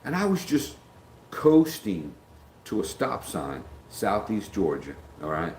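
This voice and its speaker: A man's voice: fairly low pitch, very animated, takes it slowly, a little mellow, a little hiss or hum. A middle-aged man hosting a casual livestream, rambling as he greets chat viewers by name. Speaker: livestream host. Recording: roomy with faint background ambience.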